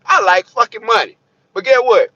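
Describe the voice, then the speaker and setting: A high, sharp-voiced man rants bluntly to camera about trucking money. He swears freely and preaches, circling back over his points again and again. The sound is dry and a bit dull, lo-fi. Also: expressive, moderate pace, no room sound. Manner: profane, streetwise, preachy, repeats himself. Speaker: hotshot trucker vlogger. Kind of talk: blunt unscripted rant to camera. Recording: dull lo-fi recording.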